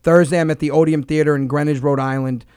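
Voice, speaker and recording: A man's voice: fairly high pitch, little pitch movement, fast, darkish tone, smooth, no room sound, studio quality. A man hosting a comedy radio show, rambling casually through his list of upcoming tour dates. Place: radio studio.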